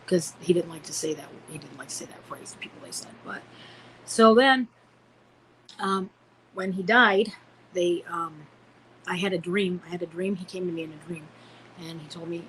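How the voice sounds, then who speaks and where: A woman's voice: lowish voice, moderate pace, long pauses, fairly bright tone, a little hiss or hum, low-quality recording. A woman in her forties from Illinois, a podcast guest telling a personal story in a rambling way, with many fillers and restarts. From Illinois, United States. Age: 40s.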